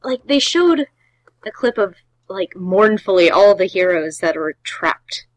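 A woman's voice: medium pitch, expressive, measured pace, no room sound, rough recording. A young woman talking comics on a casual podcast, hesitant and searching for words.

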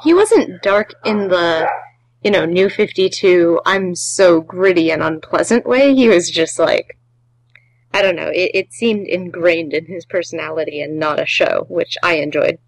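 Low-voiced hesitant young woman. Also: animated, a little slow, no room sound, low-quality recording. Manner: hesitant, searching for words. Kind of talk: casual comics discussion.

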